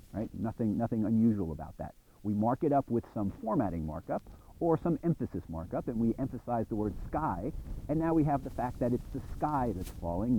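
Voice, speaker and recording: Male lecturer, middle-aged, dark mellow voice, easygoing and reflective classroom delivery. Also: fairly low pitch, a little hiss or hum, low-quality recording. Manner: conversational and reflective, with restarts. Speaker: university lecturer. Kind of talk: recorded course lecture.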